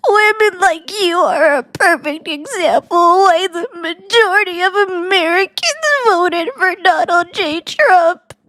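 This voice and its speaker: A woman's voice: extremely high pitch, unhurried, few pauses, fairly bright tone, no room sound, pitched above the performer's own voice. A woman putting on a whiny voice to mock a sneering male online troll.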